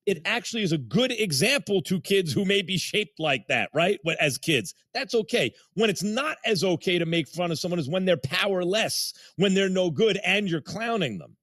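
Animated male host, high pitch, lays out arguments step by step. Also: normal speed, few pauses, dry recording, studio quality. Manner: argumentative, reasoning aloud. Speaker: sports talk host. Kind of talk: heated studio debate.

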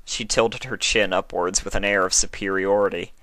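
A man narrating a story in audiobook style, calm and even. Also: deep voice, moderate pace, dry recording. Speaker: story reader.

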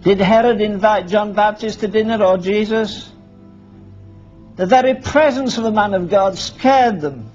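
In a dull, lo-fi sermon recording with faint music behind him, a man with an extremely high, somewhat dark voice preaches. He fires rhetorical questions at the congregation and acts out Bible scenes as dialogue.

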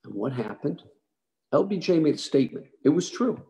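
A man, a rabbi, giving a history lecture with animated storytelling, emphatic and asking the audience questions. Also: a little high, moderate pace, rough recording.

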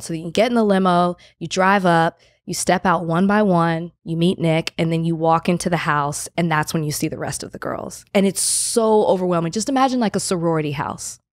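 A woman in her thirties, a podcast guest, telling animated stories in casual chat and acting out what people said. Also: on the low side, fairly quick, few pauses, no room sound, studio quality. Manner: animated storytelling, acts out quoted voices.

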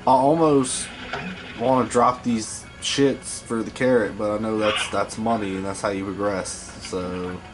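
A man's voice: on the low side, little pitch movement, normal speed, hardly any pauses. Foul-mouthed man narrating gameplay over music. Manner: foul-mouthed, scolding the game creatures. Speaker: gameplay host. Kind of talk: profane gameplay commentary.

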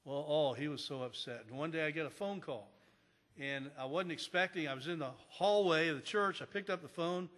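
Preaching from the church sanctuary, the male pastor tells his stories casually and keeps restarting his sentences. His pitch is fairly high, his pace a little fast, his tone a bit bright, all wrapped in long church reverb.

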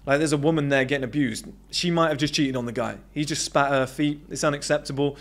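Blunt British man, slightly high voice. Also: steady tone, fast talker. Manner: blunt, swearing, emphatic. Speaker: dating and self-improvement coach. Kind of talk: unscripted motivational monologue.

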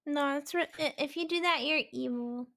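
A guest on a live gaming stream, chatting casually with teasing, deadpan jokes. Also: sits high, normal speed, vocal fry.

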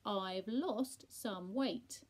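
A woman reading aloud, voicing a shy male cat who speaks gruffly out of embarrassment, with a husky, gravelly voice. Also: medium pitch, animated, measured pace, dark tone, full character voice. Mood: earnest. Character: fat-loving male tomcat, shy and hopeful.

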